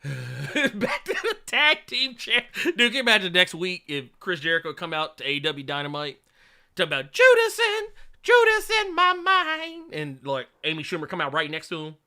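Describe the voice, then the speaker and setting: A man's voice: a little high, lively intonation, normal speed, bright, forceful tone. A man hosting a casual livestream, laid-back and slangy with his viewers, who keeps cracking up laughing and apologizing. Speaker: livestream host.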